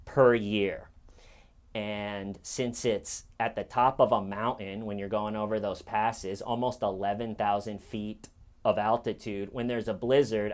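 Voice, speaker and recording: A young man from Colorado, hosting a comedy podcast and telling stories in a rambling, chatty way with self-corrections. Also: lowish voice. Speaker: podcast host. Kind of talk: comedic storytelling.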